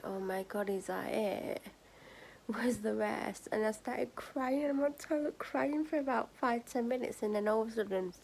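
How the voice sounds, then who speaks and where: A young adult woman vlogger, tired and drained, telling a personal story candidly to the camera, often dropping into soft whispers and sighs. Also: medium pitch, creaky, slight background noise, low-quality recording.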